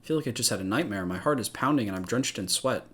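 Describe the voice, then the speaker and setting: A man's voice: fairly low pitch, expressive, fast talker, a bit bright. A man streaming a visual novel, reading the narration dramatically and breaking into casual asides.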